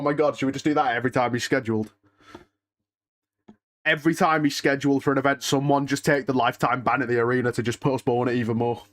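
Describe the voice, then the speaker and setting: A young man hosting a live watch-along, chatting casually to his viewers, restless and emotional, often sighing and muttering to himself. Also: medium pitch. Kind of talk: casual live-stream chat, reading and answering chat.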